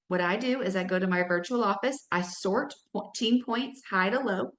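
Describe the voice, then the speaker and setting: Woman, 30s, team leader; energetic motivational coaching talk, pitch leaps when excited, recorded in an echoey room. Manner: energetic, addresses the audience as y'all, pitch jumps up when excited. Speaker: network marketing team leader.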